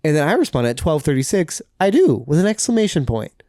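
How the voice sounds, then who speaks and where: A young man co-hosting a podcast in relaxed, joking casual chat, laughing often. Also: a little high, fast talker, no echo. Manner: relaxed, laughs often, lively swearing banter. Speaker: podcast co-host.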